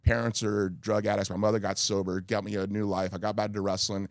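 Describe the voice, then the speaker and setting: Stammering fast-talking man, low voice. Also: flat delivery, no echo, clean studio sound. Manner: stammering, heated restarts. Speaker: guest. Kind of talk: candid podcast conversation. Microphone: studio mic.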